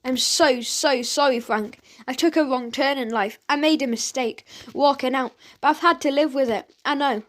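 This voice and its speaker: A woman's voice: sits high, moderate pace, few pauses, natural voice. A woman voicing a remorseful mother in an audiobook, speaking through tears. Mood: tearful. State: crying. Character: remorseful mother, tearful and broken.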